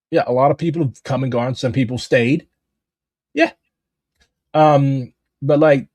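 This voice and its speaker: A man's voice: medium pitch, a little mellow, breathy edge, no room sound. A man chatting casually on a live stream, rambling and swearing as he jumps between topics.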